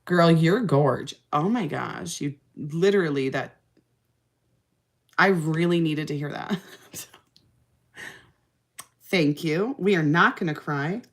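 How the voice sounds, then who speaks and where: A young adult woman hosts a casual makeup livestream, reading comments aloud in a low voice at a slow pace with long pauses. She sounds tired, laughs often and trails off into fillers.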